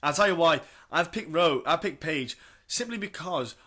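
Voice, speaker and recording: Man, podcast co-host, enthusiastic, repetitive, bright tone. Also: on the high side, expressive, normal speed. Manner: chatty, enthusiastic, repeats himself. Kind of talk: casual fight-pick chat.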